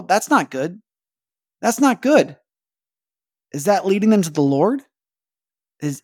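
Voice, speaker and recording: A man hosting a casual devotional podcast, talking earnestly, repeating phrases and asking rhetorical questions. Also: on the high side. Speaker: podcast host.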